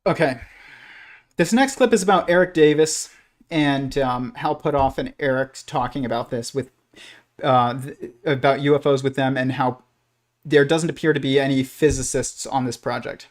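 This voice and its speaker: A man's voice: medium pitch, normal speed. A man hosting a livestream, talking through ideas in a rambling, hesitant way with many fillers and restarts. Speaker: livestream host. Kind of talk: casual livestream commentary.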